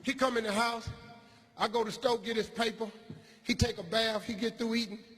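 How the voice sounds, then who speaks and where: A man doing stand-up comedy, telling a childhood story in a profane, animated way and acting out the people in it. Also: extremely high pitch, brisk, slightly rough, big-room sound. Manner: profane, animated, acts out characters.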